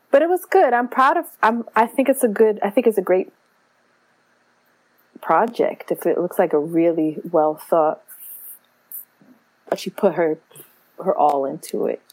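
A woman's voice: fairly low pitch, darkish tone. A woman co-hosting a podcast in casual chat, playful and teasing. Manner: playful, teasing, quick to laugh. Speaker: podcast co-host.

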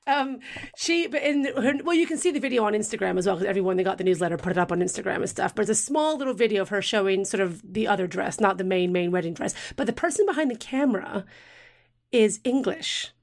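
A woman with an Australian accent, co-hosting a podcast in casual, animated chat and laughing often. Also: mid-range voice, quick pace, creaky. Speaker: podcast co-host.

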